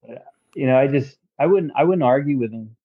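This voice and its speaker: A man's voice: medium pitch, breathy edge. Tattoo artist guy telling his story on a podcast, lots of um and you know, kinda muffled audio. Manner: halting, many fillers and restarts. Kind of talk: casual conversational testimony.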